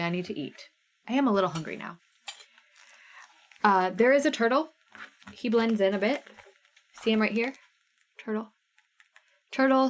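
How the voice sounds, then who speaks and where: A woman's voice: medium pitch, slight background noise. A woman in her thirties with a Midwestern American accent, hosting a live craft sale stream in a casual, bubbly way and reading out viewers' names.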